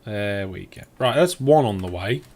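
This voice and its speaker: A man's voice: on the low side, lively intonation, moderate pace, a little mellow. A man streaming a game live, thinking aloud as he plays and chatting back to his viewers. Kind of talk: live let's play commentary.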